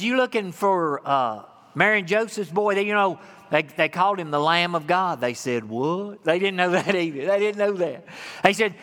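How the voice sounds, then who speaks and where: A folksy small-town jokester, put on by a preacher spins his yarn in a playful drawl, ribbing the strangers he meets. His voice sits high and bright, with a long reverb trailing off every line in a big hall. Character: folksy small-town man who loves to tease.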